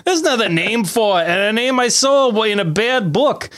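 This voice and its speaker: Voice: medium pitch, lively intonation, moderate pace, a bit bright, natural voice. A comedy podcast reader voicing a scornful Victorian young woman, mock-scolding a friend.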